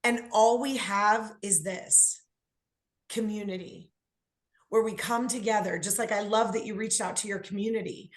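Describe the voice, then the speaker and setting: A woman's voice: mid-range voice, fairly even intonation, moderate pace, echoey room. A woman hosting a group talk, emphatic and repeating phrases, speaking to the group as guys. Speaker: host.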